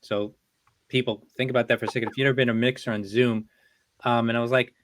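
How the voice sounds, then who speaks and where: A middle-aged man telling a relaxed, chatty anecdote on a video call, full of "you know". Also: mid-range voice, quick pace, a little hiss or hum. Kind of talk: casual storytelling.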